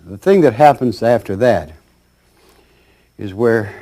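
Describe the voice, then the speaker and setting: A man giving a spiritual lecture as a storyteller, animated and acting out the dialogue. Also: mid-range voice, slow. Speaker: speaker.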